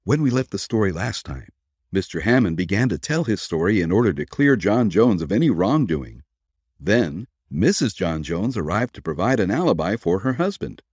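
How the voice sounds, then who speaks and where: A man narrating an old detective serial for a podcast, in measured storytelling with lively inflection. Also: low-pitched, no room sound, studio quality. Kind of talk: dramatic audiobook narration.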